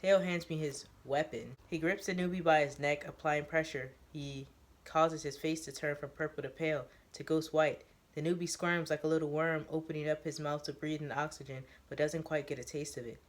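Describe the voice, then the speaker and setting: A man reading a first-person story aloud, describing the action in a steady, descriptive way. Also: a little high, normal speed.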